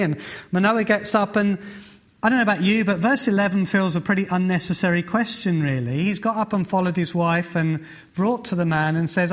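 A man's voice: high voice, normal speed. A man preaching a sermon, conversational in tone and asking the congregation rhetorical questions.

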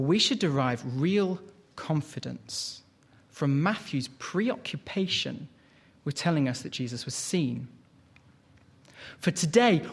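A man preaching a sermon, expressive and questioning, reading scripture aloud and explaining it. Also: fairly high pitch.

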